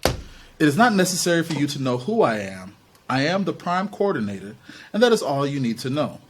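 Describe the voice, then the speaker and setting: A man reading a calm, sinister alien ruler. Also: fairly high pitch, brisk, background noise. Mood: flat.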